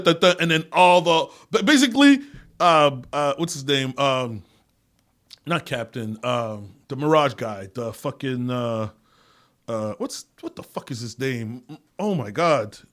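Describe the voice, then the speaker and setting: A man hosting his own podcast alone, rambling and swearing, laughing often and losing his words, swinging between loud bursts and quiet mutters. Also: mid-range voice. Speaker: podcast host. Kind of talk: casual solo monologue.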